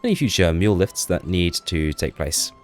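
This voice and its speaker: Commentating his own game in a casual, chatty way, this deep-voiced man makes jokes at his own expense and speaks to the little characters on screen. He moves at a moderate pace with big swings in pitch, over faint background music.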